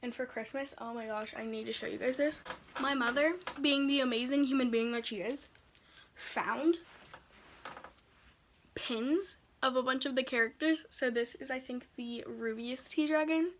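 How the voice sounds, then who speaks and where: A young woman talking casually about books she wants to read, chatty and excitable with lots of fillers. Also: sits high, moderate pace, slight background noise. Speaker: book vlogger. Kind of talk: casual chat. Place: home room.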